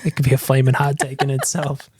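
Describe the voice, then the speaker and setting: A man co-hosting a sports podcast in casual chat, talking fast and emphatically, with frequent restarts. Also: medium pitch, monotone, darkish tone, slightly rough, no echo, studio quality. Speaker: podcast co-host.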